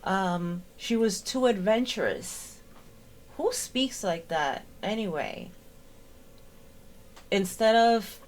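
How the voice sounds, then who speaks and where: A woman's voice: mid-range voice, lively intonation, slow pace, pauses often. A woman hosting a reaction commentary, sarcastic and exasperated as she picks apart a clip. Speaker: commentary host.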